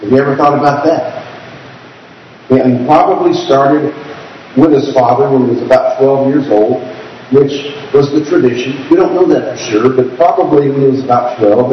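A man's voice: medium pitch, moderate pace, a little hiss or hum. A middle-aged man preaching a sermon, telling homespun stories and acting out the voices of people he quotes. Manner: folksy storytelling preacher, acts out quoted voices. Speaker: pastor. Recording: distant, dull, echoey hall.

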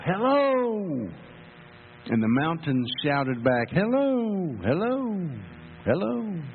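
A man preaching a sermon as pastor, telling a story with emphatic repetitions. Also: mid-range voice. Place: church sanctuary. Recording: phone-like sound in a reverberant hall, faint hum.

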